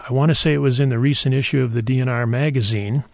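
A man explains wildlife matters to radio callers in a thoughtful, halting way. His voice has a gravelly, rough edge, and the sound is dry and close. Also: mid-range voice, fairly even intonation, a little mellow, dry recording. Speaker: wildlife expert guest. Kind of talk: radio call-in answers.

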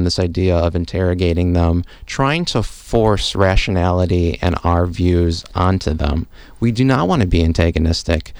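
Expert guest, male, very low smooth voice, calm and measured, dry studio. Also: dry recording. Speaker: physician and professor, guest expert. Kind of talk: radio interview answers. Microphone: studio microphone.

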